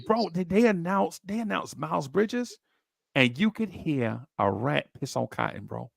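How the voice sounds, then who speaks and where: A man hosts a basketball podcast in slangy, animated chat, with a gravelly edge to a voice pitched a little high. The sound is dry and close, with no room around it. He tells stories with plenty of energy. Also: measured pace, dry recording. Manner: slangy, excitable, acts out quotes in high voices. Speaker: podcast host.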